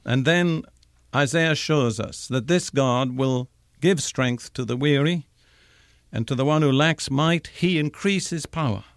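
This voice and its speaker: An older man teaching from the Bible in a measured, emphatic sermon, slowing down to stress key words. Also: mid-range voice, dry recording, clean studio sound. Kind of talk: recorded radio sermon.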